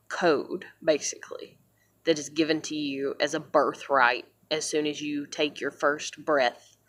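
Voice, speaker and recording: Woman, young adult, vlogger; blunt, foul-mouthed rant, unhurried delivery, dry room sound. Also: low voice, no echo. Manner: blunt and heavily profane. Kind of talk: ranting vlog monologue.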